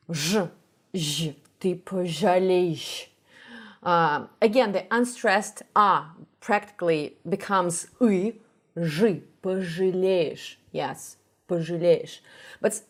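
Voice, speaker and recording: A young woman from Russia with a Russian accent, teaching pronunciation in a reaction video, explaining with many pauses and repeating sounds to demonstrate them. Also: mid-range voice. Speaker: language teacher.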